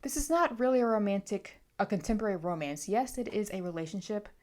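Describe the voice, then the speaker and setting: A woman chatting through a casual book haul vlog as a book vlogger, outspoken and talkative, with quick asides. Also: medium pitch, lively intonation, a little mellow.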